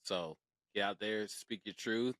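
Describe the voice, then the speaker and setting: Low-voiced laid-back man, dry sound. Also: a little slow, fairly bright tone, no room sound. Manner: laid-back, agreeing, laughing along. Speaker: podcast co-host. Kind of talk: casual chat. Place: podcast studio.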